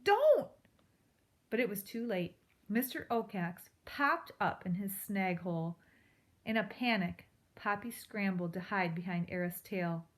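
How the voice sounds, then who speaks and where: A woman reading a children's storybook aloud in a steady, expressive way. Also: medium pitch, measured pace. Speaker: narrator.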